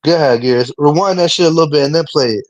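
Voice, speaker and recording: A man's voice: fairly high pitch, fast, no room sound, muffled recording. A man hosting a stream, reacting to a clip in casual, joking chat full of slang.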